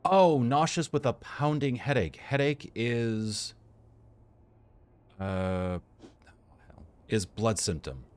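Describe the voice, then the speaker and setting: An animated gameplay commentator with a medium-pitched, darkish voice speaks slowly and leaves long pauses. He's playing a medical game, thinking aloud, reading the symptoms on screen, and joking around with the characters.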